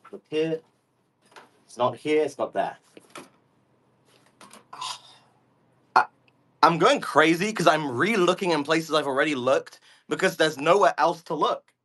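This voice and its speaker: During a casual live audio stream from his room at home, a man with a fairly high, somewhat bright voice talks into a phone microphone from about a step away. He rambles, cursing, in bursts of exasperation and bafflement.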